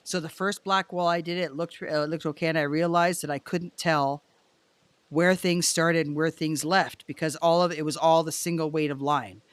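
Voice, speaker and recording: A middle-aged woman telling her story as a podcast guest, expressive and excitable, cursing freely. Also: low voice, normal speed, no room sound. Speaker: guest, muralist. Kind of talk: casual storytelling.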